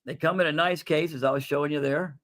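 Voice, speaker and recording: A man's voice: a little high, steady tone, quick pace, fairly bright tone. A man hosting a casual livestream sale of coins and jewelry, chatty and folksy, calling viewers "folks.". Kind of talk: casual live sales stream.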